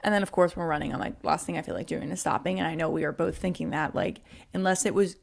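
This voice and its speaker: A young woman with a lowish, gravelly voice talks casually as a podcast co-host. Her speech is loose and chatty, full of "like" fillers, and she often breaks into small giggles. The tone stays relaxed and conversational. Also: quick pace. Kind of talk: casual chat.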